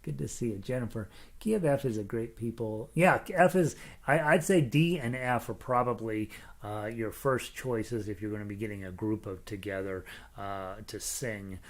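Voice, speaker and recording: A man's voice: on the low side, normal speed. A middle-aged man teaching ukulele, chatting casually on a live stream and reading out viewers' comments with plenty of fillers and jokes. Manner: chatty and jokey, lots of fillers, breaks into laughs and snatches of song. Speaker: ukulele teacher greeting class chat.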